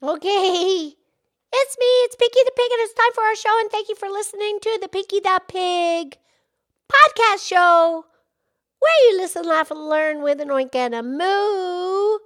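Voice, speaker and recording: Woman doing Pinky, a squeaky pig host. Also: a little slow. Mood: cheerful. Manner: squeaky, excitable, sing-song delivery. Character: bubbly, chatty female pig show host. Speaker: podcast host. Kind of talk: in-character kids' podcast chat.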